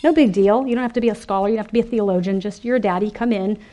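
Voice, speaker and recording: A woman giving an animated, emphatic sermon to a women's gathering, acting out the quoted voices. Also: medium pitch, racing. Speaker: speaker at a women's ministry event.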